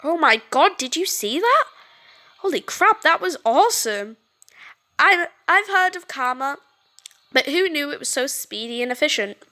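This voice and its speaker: A woman voicing a timid, gentle teenage girl in a game she reads aloud. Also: high voice, a little slow, full character voice. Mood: excited. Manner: shy, excitable.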